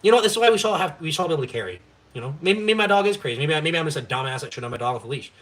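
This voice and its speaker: A man's voice: a little high, expressive, very fast, fairly bright tone. A young man from Canada hosting a live stream, ranting in a blunt, profane, fired-up way. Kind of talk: ranting casual chat.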